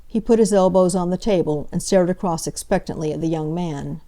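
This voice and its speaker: A woman narrates a classic novel in a measured, even reading. Her voice sits low, with a mellow, dark tone. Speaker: audiobook narrator. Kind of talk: scripted narration.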